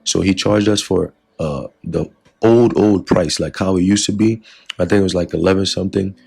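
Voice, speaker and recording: A man's voice: low voice, steady tone, normal speed, gravelly, a little mellow, husky. A man giving an informal religious lesson in a loose, conversational way, filling his talk with "you know" and "all right". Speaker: religious teacher.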